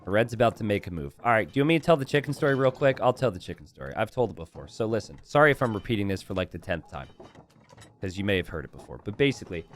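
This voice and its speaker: Animated man telling stories mid-commentary. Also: fairly low pitch, racing. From United States. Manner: animated, rambling, casual. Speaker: game caster and host. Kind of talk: game commentary with storytelling.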